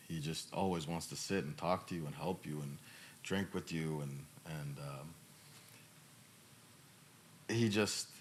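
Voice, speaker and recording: A male podcast host, choked up and emotional, answering questions in a reflective, halting way with many fillers. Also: rumbling low, slight background noise.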